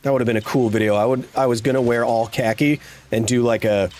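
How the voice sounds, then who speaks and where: A man's voice: medium pitch, fairly even intonation, quick pace, darkish tone, slight background noise. A man in his thirties giving chatty, rambling live commentary while playing a game, with jokey asides to chat. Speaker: streamer.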